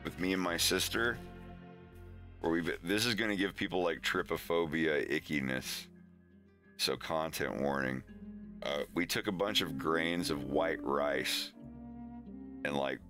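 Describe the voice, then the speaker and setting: Young adult male streamer, casual storyteller, animated delivery. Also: measured pace, long pauses, soft background music. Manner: animated, acts out quoted voices with big high pitch jumps.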